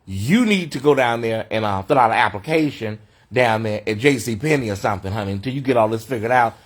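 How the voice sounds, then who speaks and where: A man's voice: mid-range voice, expressive, fast. A man hosting an unscripted livestream, talking in a sassy, mocking way and calling people honey, from a hotel room. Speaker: host of a livestream commentary show.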